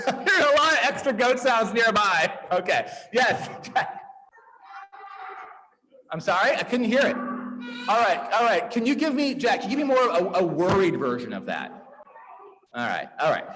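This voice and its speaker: A man leading a holiday service, coaxing the congregation into a playful story with quick, encouraging back-and-forth. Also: sits high, very animated, a bit bright, slight background noise, rough recording. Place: dim room at a congregation gathering.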